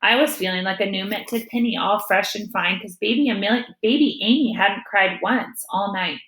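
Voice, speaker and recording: A woman teacher reading a novel aloud to her students with gentle storytelling. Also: mid-range voice, normal speed, echoey room, rough recording.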